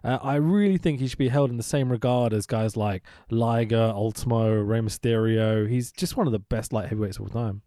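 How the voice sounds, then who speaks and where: A man with a medium-pitched, warm voice speaks a little fast with few pauses, in studio-quality audio without echo. As co-host of a casual wrestling-recap podcast, he keeps joking, laughing frequently and reading his notes out loud.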